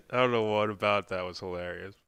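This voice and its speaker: A man's voice: on the low side, moderate pace, fairly bright tone, clear, resonant tone, dry recording. A man hosting a casual livestream, reacting and chatting in a rambling, giggly, profane way. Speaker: livestream host.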